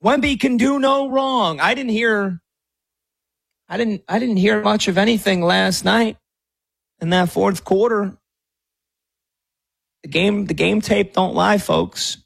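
A man's voice: sits high, steady tone, slow pace, gravelly, long pauses, a bit bright, husky. A man hosting sports talk radio, arguing his case in a brash, mocking way.

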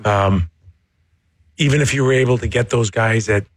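A man's voice: mid-range voice, dry recording, studio quality. A man co-hosting a sports talk show, asking questions and thinking aloud with frequent restarts. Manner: halting, questioning, restarts often. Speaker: sports radio co-host.

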